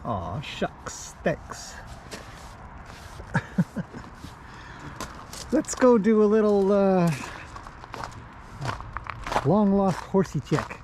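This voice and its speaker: A horse owner and trainer strolls outdoors with his horses in a casual vlog, greeting them in a lifted, sing-song voice. His voice is a little high, and background noise runs through the clip.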